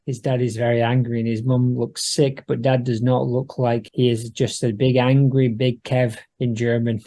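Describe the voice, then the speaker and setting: A man's voice: mid-range voice, steady tone, moderate pace, few pauses, mellow. A man co-hosting a casual podcast chat, playfully describing and quoting cartoon clips as he goes. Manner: narrates clips with playful quoted voices. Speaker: podcast co-host.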